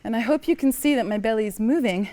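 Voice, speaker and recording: A woman teaching a yoga class, giving calm, encouraging cues and slightly out of breath as she moves through the poses. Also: a little high, fast talker. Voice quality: calm, encouraging cueing, often soft. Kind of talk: guided yoga class instruction.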